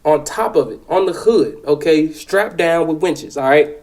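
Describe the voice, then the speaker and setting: Man, somewhat high voice, loose profane storyteller, keeps checking the listener is with him. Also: measured pace, a little mellow. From South Side of Chicago. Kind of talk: casual spoken storytelling.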